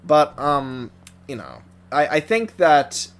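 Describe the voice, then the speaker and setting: A man's voice: a little high, sing-song, slow, smooth. A man giving casual, rambling commentary on a cartoon dub, full of restarts and little laughs.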